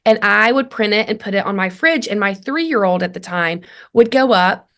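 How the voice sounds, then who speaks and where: A woman in her thirties speaks earnestly as a guest on a parenting podcast. She tells animated family stories and acts out the dialogue. Her voice sits in a middle pitch. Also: normal speed. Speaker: guest, family communication coach. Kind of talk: conversational interview.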